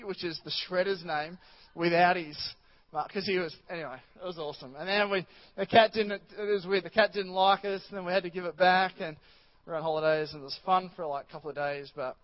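A man's voice: on the high side, fairly even intonation, a little fast, lo-fi sound. A male pastor preaching a chatty sermon in church, rambling with many restarts and asides to the congregation.

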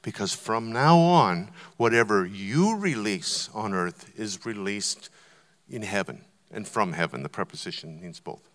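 A man preaching a sermon, telling stories and building to loud, emphatic points. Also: lowish voice, animated, unhurried. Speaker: visiting preacher. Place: church auditorium. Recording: long church hall reverb.

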